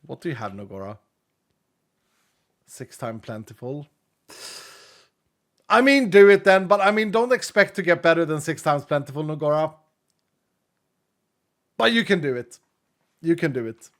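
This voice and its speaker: Gushing late-thirties male streamer, higher voice. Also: sing-song, moderate pace, pauses often, fairly bright tone. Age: late 30s. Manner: gushing and emotional, laughs often. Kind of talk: casual live-stream chat, reading out viewer messages.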